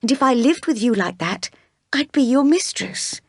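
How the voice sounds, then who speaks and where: A woman's voice: on the high side, animated, normal speed, creaky, breathy edge, no echo, voice pushed up, heavily acted. Brief: earnest resolute young governess, read by a woman, dry close sound. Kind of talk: audiobook reading.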